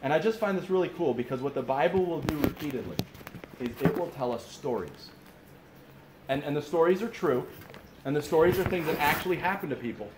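A man's voice: on the high side, brisk. Man preaching in an echoing room. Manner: animated storytelling with frequent restarts. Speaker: pastor. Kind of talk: sermon. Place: camp meeting room. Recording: roomy echo with faint hiss.

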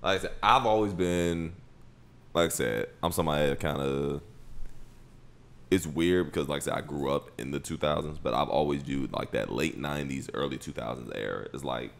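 A young man co-hosting a basketball podcast, laying out his view deliberately in a casual debate. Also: a bass voice, vocal fry. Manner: deliberate, keeps saying "like I said". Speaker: podcast co-host.

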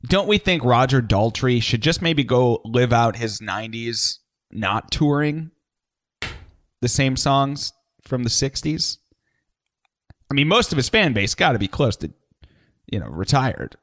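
Man with a lively, swinging voice. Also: mid-range voice, a little slow, long pauses. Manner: joking, lively storytelling. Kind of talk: casual podcast chat.

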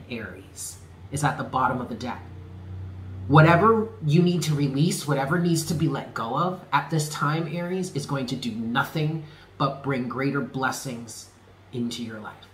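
A man giving a spoken tarot reading, earnest and emphatic, often repeating himself and dropping low on key words. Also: measured pace, a bit bright, echoey room, slight background noise. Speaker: tarot reader.

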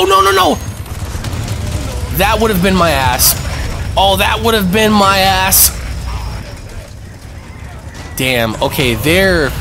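A man hosting a let's-play, giving casual, slangy commentary and repeating himself as tension builds. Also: a little high. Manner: excitable, yelps and repeats himself in tense moments. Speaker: gaming channel host. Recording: game music playing loudly underneath.

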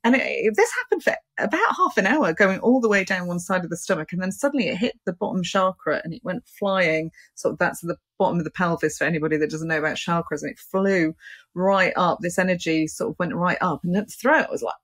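A middle-aged English woman, a psychic medium, telling her story in an interview with lots of laughter and quick restarts. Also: on the low side, fairly bright tone, husky, no room sound. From England.

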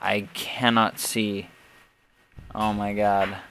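Male game host, deep and unhurried, deadpan and relaxed. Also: slight background noise. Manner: laid-back, deadpan, chuckling. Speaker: gaming channel host. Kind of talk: casual gameplay commentary.

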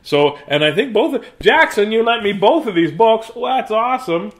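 A man's voice: sits high, animated, normal speed. Playful man hosting a kids' reading stream. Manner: playful and silly, breaking into sing-song chants and announcer voices. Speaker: host reading children's books on a livestream. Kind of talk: casual live chat to young viewers.

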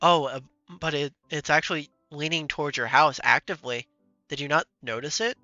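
Man, gaming streamer, bright sharp voice, a bit high, giggly casual commentary, slightly dull lo-fi sound. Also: a little fast, soft background music. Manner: playful, laughs often while talking to game characters.

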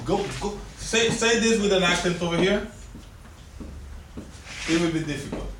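A man's voice: high voice, normal speed. A man teaching a language class and quizzing his students with questions. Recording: echoey room, camera far off, noisy.

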